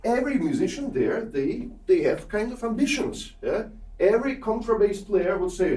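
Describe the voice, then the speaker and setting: A man's voice: sits high, big pitch swings, moderate pace, warm tone. A man coaching a piano masterclass. He sings rhythms aloud and keeps checking in with "yeah?". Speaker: piano teacher giving a masterclass. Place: small room with a large piano. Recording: echoey room, heard from far off.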